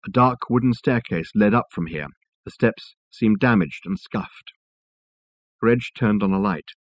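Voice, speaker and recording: A man narrating a novel as an audiobook, in a measured, wry storytelling manner on a close mic. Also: fairly low pitch, no room sound.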